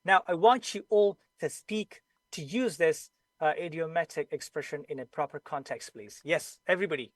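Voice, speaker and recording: High-voiced Pakistani English teacher. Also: male voice, moderate pace, hardly any pauses, dry recording. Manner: explains patiently, repeating the key sounds. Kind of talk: online class lesson.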